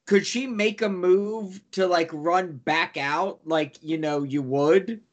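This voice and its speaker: A man's voice: high-pitched, slow, highs cut off. A man playing a tabletop game, questioning and arguing the rules. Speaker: player. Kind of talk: casual tabletop play.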